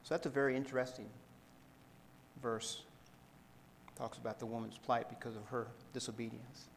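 A man preaching a sermon, reading scripture aloud in a measured way and explaining it to the congregation. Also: mid-range voice, steady tone, creaky, in a large hall, slight background noise, low-quality recording. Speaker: pastor.

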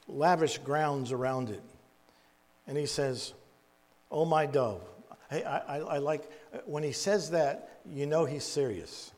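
A man preaching in a storytelling way, halting and repeating words, with folksy asides. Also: a little high. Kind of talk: storytelling Bible teaching. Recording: long echoey reverb.

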